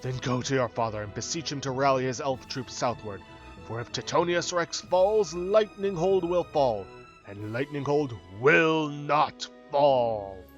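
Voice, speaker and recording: A man voicing a pompous, deep-voiced troll king hero who declaims slowly and grandly. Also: animated, lo-fi sound, faint music behind, close to an everyday voice. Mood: grandiose. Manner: bombastic, slow and declaiming.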